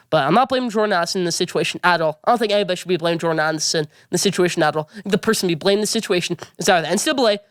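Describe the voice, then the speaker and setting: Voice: mid-range voice, dry recording, clean studio sound. A sports vlogger giving opinionated commentary, rambling and repeating points as he goes.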